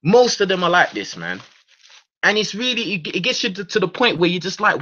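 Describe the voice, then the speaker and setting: A man's voice: high-pitched, big pitch swings, a little fast, bright, forceful tone. A man hosting his own radio show, ranting in a heated, profane monologue full of repeated words and restarts. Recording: dull lo-fi recording.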